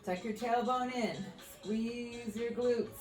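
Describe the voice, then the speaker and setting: A woman's voice: on the high side, fairly even intonation, takes it slowly, darkish tone, roomy sound, faint music behind, poor audio. A woman fitness coach leading a floor workout, upbeat and whooping as she exercises along, slightly out of breath. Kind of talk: workout instruction.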